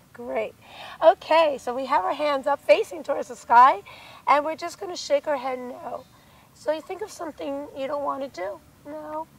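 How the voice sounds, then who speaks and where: Hoarse high-voiced woman teaching kids yoga. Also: recorded from a distance, low-quality recording. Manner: encouraging, leads by example, asks the children questions. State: losing her voice, hoarse. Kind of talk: guided kids yoga class. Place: outdoors in a large city park.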